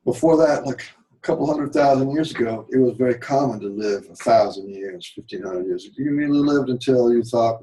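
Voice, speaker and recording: A man's voice: mid-range voice, fairly quick, dark tone, poor audio. A man giving a rambling spiritual monologue, full of repeated words and restarts, swearing and turning dramatic. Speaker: spiritual talk show guest.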